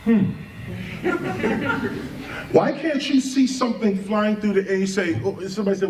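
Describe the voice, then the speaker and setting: A man's voice: sits high, moderate pace, a little mellow, a little hiss or hum. A man giving a spoken lecture, emphatic, firing off rhetorical questions and spelling words out letter by letter. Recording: roomy, distant mic, faint background ambience.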